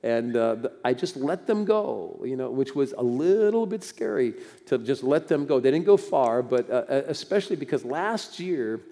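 A man's voice: mid-range voice, very animated, moderate pace, vocal fry, dark tone. An older man preaching a sermon in a conversational, folksy way with bursts of emphasis. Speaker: pastor. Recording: long hall reverb.

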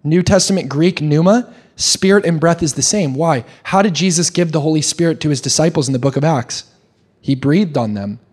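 A young man preaching a sermon, animated, with quick restarts and questions put to the congregation. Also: a little high. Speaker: pastor.

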